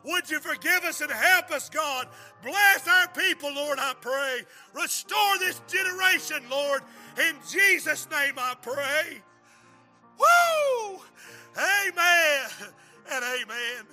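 A man preaching a revival sermon and praying at the altar call, his voice high and piercingly bright. He swings from fervent shouts down to sudden hushed appeals. Faint music plays beneath him. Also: unhurried.

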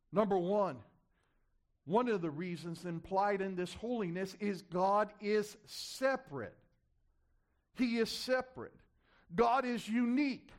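A man preaching a sermon, repeating key words for emphasis and asking the congregation rhetorical questions. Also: sits high.

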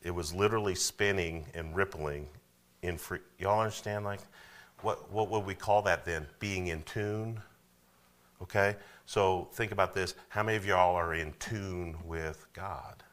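A man's voice: low voice, steady tone, a little slow, a bit bright. A man preaching a sermon as pastor, conversational, often checking in with "okay?". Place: church.

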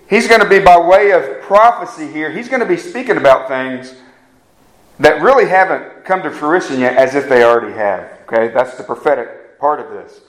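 A man delivers a sermon in an earnest, emphatic way, circling back to repeat his main points. His voice sits a little higher than most men's. The room around him is echoey. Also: fairly bright tone. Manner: earnest, emphatic preaching with repetitions. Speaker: pastor.

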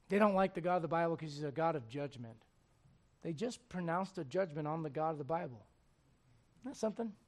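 A man preaching a sermon who swings between quiet, conversational asides and loud, emphatic exhortation, acting out the voices he quotes. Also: a little high. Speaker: pastor.

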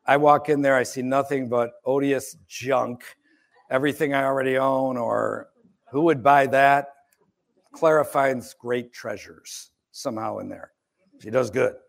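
Gravelly-voiced man preaching a sermon. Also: medium pitch, fairly even intonation, a little slow. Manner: conversational, wry storytelling with asides. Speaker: pastor. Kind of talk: sermon with storytelling.

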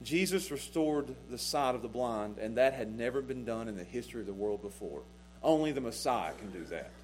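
A middle-aged man preaching a sermon as pastor, swinging between hushed lines and loud, emphatic ones. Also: medium pitch, lively intonation, fairly quick, slight background noise.

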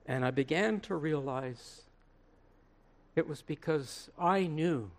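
An earnest old apostle, played by a man, recalls what he saw in a first-person sermon monologue. His voice sits fairly high and moves slowly, with long dramatic pauses and swelling emphasis. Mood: solemn. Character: aged male apostle recalling the crucifixion, earnest. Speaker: preacher in character. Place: room with listeners.

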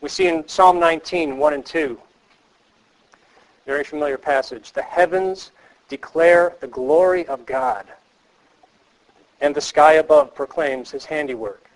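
Measured and pausing often, a man with a fairly high voice gives counselors an earnest, emphatic teaching lecture, repeating key phrases and asking rhetorical questions. The audio is poor.

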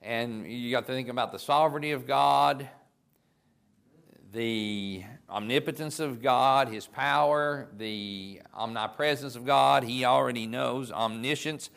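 A man's voice: medium pitch, unhurried, gravelly, a bit bright, clear, resonant tone. A man, a pastor, preaching a sermon in a conversational way, stopping and restarting as he goes and reading scripture aloud.

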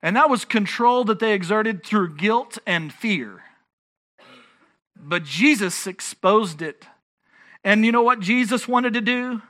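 A man's voice: sits high, lively intonation, slow, pushed and bright. A man preaching a sermon as pastor, earnest and emphatic, often restarting his phrases.

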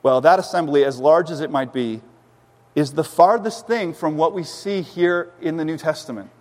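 A man, a pastor preaching a sermon in a church, earnest and emphatic with frequent restarts. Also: fairly high pitch. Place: church sanctuary. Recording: long hall reverb.

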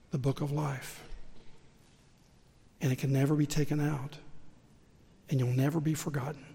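A man's voice: mid-range voice, creaky, mellow, slightly rough. An older man with a Southern American accent preaching a sermon as pastor, telling stories and building to emphatic points. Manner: storytelling preacher, rising to emphatic peaks. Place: large church sanctuary. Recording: long reverb of a church sanctuary.

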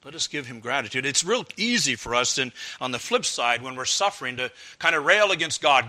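Bright-voiced male preacher, earnest sermon. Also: medium pitch, lively intonation, fairly quick, few pauses. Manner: earnest, rising to fervent appeals then dropping to hushed quotes.

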